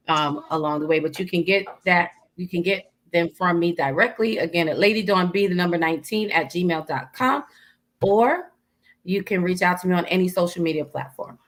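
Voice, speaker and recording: Female guest author, lowish voice, relaxed and promotional. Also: normal speed, poor audio. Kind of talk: casual interview chat.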